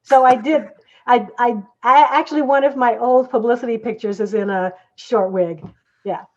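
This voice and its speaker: A woman talks through her acting past in an easygoing, reminiscing way. She often agrees along with the host. Her slightly high voice comes through dull, lo-fi audio. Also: moderate pace. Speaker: guest, former TV actress and dancer. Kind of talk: casual interview conversation.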